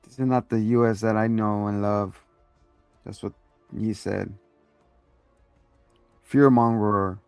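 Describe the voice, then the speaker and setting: A man's voice: fairly low pitch, steady tone, takes it slowly, creaky, pauses often, darkish tone, clean tone, dry recording, soft background music. A man hosting a casual episode recap, loose and profane, acting out quotes along the way. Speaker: host.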